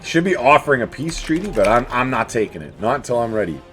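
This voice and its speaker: Animated man narrating his strategy game. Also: mid-range voice, fast, soft background music. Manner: animated, chatty, talks to the game's enemies. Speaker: let's play host. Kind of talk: casual strategy game commentary.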